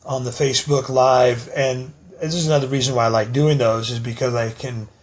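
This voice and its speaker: A male podcast host with a mid-pitched voice talks in a relaxed, agreeable way, offering short assents and reflective remarks. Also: fairly quick. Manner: agreeable, reflective, brief affirmations. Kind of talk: casual chat.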